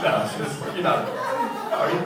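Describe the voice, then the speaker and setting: On a comedy club stage, a man performs a brash stand-up set, teasing audience members at a measured pace. The recording is echoey and captured from afar, very noisy with a loud crowd and laughter in the background.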